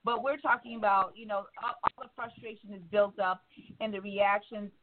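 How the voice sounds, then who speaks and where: A woman hosting a candid talk radio discussion, blunt and animated, swearing freely. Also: medium pitch, moderate pace. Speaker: radio show host. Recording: tinny phone line with faint noise.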